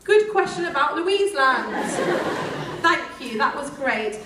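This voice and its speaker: Woman performer, playful and bright-pitched, teasing a live crowd; distant phone audio, roomy and noisy. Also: slow. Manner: playful, animated, teasing the audience. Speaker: performer addressing a live audience. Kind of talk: whimsical live comedy storytelling. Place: live venue with audience. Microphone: phone in the audience. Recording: distant phone recording in an echoey room with noise.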